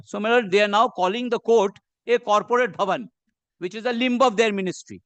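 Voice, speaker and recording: A man with an Indian English accent, arguing a case before a judge in measured, deferential courtroom speech. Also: high voice, fairly bright tone, no room sound. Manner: measured and deferential, says "my lord" constantly. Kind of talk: formal courtroom argument.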